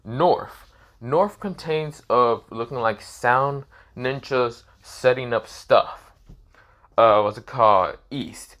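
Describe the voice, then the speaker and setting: A man casually improvising a fan fiction story, rambling and filling pauses as he searches for words. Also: medium pitch, a bit bright. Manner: rambling, full of fillers and self-corrections.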